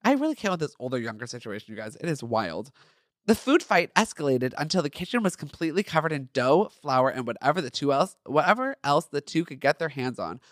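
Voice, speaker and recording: A man's voice: on the high side, very animated, a little fast, no echo, studio quality. A man hosting a podcast, reading his own fan fiction aloud and breaking off into campy, sassy asides. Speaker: podcast host.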